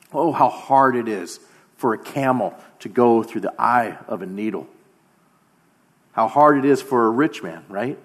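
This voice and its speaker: A man in his thirties preaching a sermon as pastor, earnest, often slowing down and dropping to a quiet voice for emphasis. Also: mid-range voice, husky. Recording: long hall reverb.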